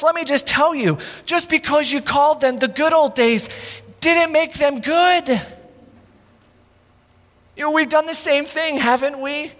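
A man's voice: extremely high pitch, fairly bright tone, long reverb tail. A man preaching a sermon as pastor, casual and wry, building to emphatic rhetorical questions. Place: church sanctuary.

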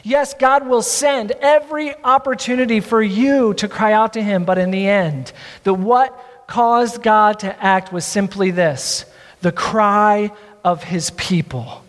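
A man's voice: high-pitched, unhurried. A man preaching a sermon, reading scripture aloud and calling on the congregation to repeat the words after him. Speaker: pastor. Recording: long hall reverb.

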